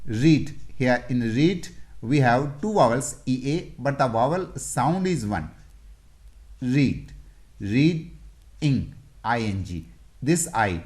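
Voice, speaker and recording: English teacher, explanatory lesson, sounds out example words, unhurried, animated pitch.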